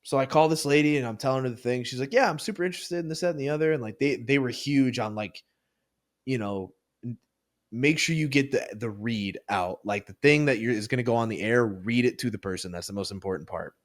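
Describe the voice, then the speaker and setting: A man's voice: medium pitch, brisk. A young man co-hosting a casual podcast, chatting in a laid-back way with lots of fillers. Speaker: podcast co-host. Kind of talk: casual chat.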